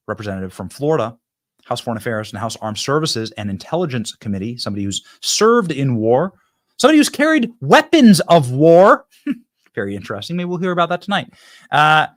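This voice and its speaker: A man's voice: medium pitch, no room sound. Guy hosting a live political stream, voice jumps all over, joking around, dry close sound. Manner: joking, animated, teasing crew. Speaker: host. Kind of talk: live political show chat.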